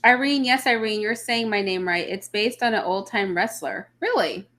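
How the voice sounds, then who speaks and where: A woman's voice: medium pitch, moderate pace, a bit bright. A woman hosting a casual live chat, a mother answering viewer comments in a blunt, opinionated way. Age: adult mother of children. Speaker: livestream host answering chat.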